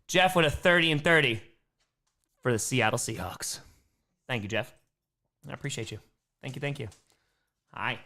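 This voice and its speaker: A man's voice: medium pitch, normal speed, pauses often, sharp tone. A man hosting a charity livestream from home, chatting casually, fondly scolding his dog and thanking donors. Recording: roomy echo.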